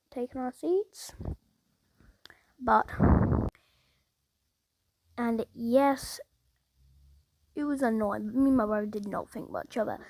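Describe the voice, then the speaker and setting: A woman tells a story in a loose, rambling way, leaning on "like" and "obviously". Her voice is husky and sits a little high, with a gravelly edge. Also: darkish tone, dry recording, poor audio. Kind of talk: casual storytelling.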